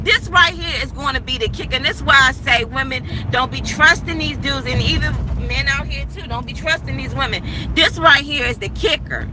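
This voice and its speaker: A woman's voice: high voice, background noise. A woman in her thirties telling a personal story straight to her viewers in an emphatic, repetitive way, recorded on a phone while riding outdoors. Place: in a moving vehicle outdoors, going under a bridge.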